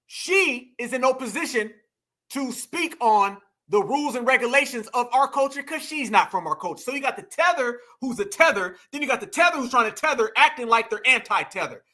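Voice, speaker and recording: A man's voice: very high-pitched, pushed and bright. A man hosting a reaction commentary, addressing viewers as "y'all" and "family" and repeating phrases for emphasis. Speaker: commentary host.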